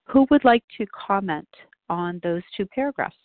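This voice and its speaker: A woman chairing a call-in meeting, brisk and polite as she calls on speakers. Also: mid-range voice, lively intonation, dry recording. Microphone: phone call-in. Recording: dry tinny phone line.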